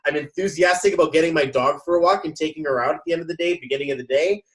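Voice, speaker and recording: A man's voice: a little high, racing. A man casually recounting his sessions, acting out other people's lines with many restarts. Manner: animated, quotes others in dialogue, frequent restarts. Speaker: host. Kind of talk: casual storytelling. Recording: echoey room, mic at a distance.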